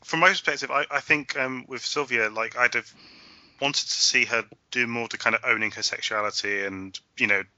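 Man, low flat voice, sharp tone, hesitant panelist, dry lo-fi sound. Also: moderate pace, dry recording. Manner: hesitant, lots of "kind of". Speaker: podcast panelist. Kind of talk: casual discussion.

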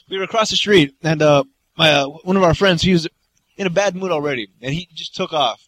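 Bright-voiced man in easygoing chat. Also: fairly high pitch, a little fast, a little hiss or hum, poor audio. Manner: laid-back, laughs easily, recounts stories. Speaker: podcast co-host. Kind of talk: casual chat.

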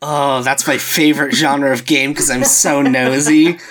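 A man's voice: mid-range voice, flat delivery, measured pace, a crowd in the background. Rambling, chuckling podcast host man. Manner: rambling, chuckling, goes off on tangents. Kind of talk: casual chat.

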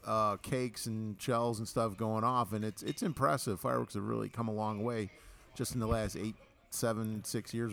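Male podcast co-host with a gravelly, creaky voice; loose, stumbling, joking delivery. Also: mid-range voice, fairly bright tone. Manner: laughs often, repeats words when starting sentences. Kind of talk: casual chat.

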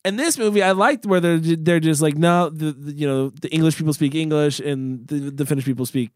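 A man talking casually about a movie on a podcast, animated and swearing freely, acting out quotes. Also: a little high, a little fast, no echo, clean studio sound. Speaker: podcast co-host.

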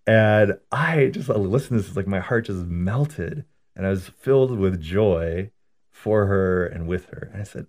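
A man's voice: low-pitched, expressive, a little slow, darkish tone. A man, a priest, teaching about prayer in a conversation, earnest and story-driven, often adding "right?".

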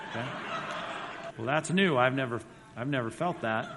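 A man's voice: medium pitch, moderate pace, fairly bright tone, slight background noise. Man teaching a class in a reverberant hall. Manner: conversational, emphatic, reads quotes aloud. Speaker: Bible teacher. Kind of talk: church teaching class with slides.

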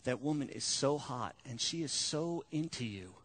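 A male pastor voicing a sly, seductive tempter in a soft, coaxing hush. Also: medium pitch, expressive, normal speed, pitched below the performer's own voice.

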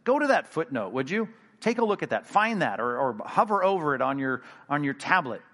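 A male pastor preaching a sermon in an animated, emphatic way, with sudden loud bursts. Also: fairly high pitch, a little fast.

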